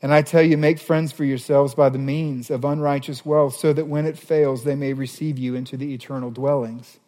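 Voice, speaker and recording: A man preaching a sermon as a pastor, animated, reading scripture passages aloud. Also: mid-range voice, normal speed, in a large hall.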